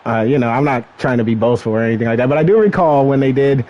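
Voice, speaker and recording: A man's voice: mid-range voice, fast talker, dull audio. A young man co-hosting a podcast, telling laid-back, swear-heavy stories and laughing often. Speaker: podcast co-host. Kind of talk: casual chat.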